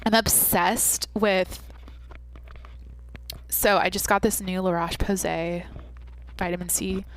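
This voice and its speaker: A woman's voice: on the low side, steady tone, slow pace, a little hiss or hum, poor audio. Woman putting on a gushing Valley Girl influencer. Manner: gushing, brand-dropping Valley Girl talk. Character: bubbly female beauty influencer, skincare-obsessed.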